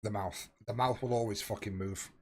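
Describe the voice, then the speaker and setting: A man's voice: fairly low pitch, steady tone, moderate pace. A young man chatting casually with viewers during a live game stream, greeting them by name and swearing freely. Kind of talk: casual live-stream chat while playing.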